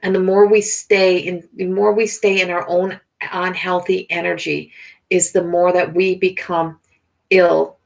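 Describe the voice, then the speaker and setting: A woman's voice: fairly low pitch, little pitch movement, a little slow, creaky. A middle-aged woman talking casually as a spiritual healer and life coach, rambling and conversational, with many fillers. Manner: rambling, conversational, with frequent "you know" and "so". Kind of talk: casual livestream talk.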